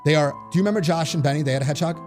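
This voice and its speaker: A young man co-hosting a podcast, telling a profane, animated story in casual chat. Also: a little high, very fast, faint music behind. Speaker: podcast co-host.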